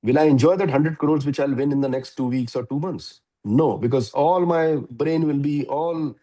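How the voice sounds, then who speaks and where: A man in his fifties with an Indian English accent, giving a lively, chuckling motivational talk to students. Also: on the high side, normal speed, poor audio. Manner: animated, chuckling storyteller. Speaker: guest speaker.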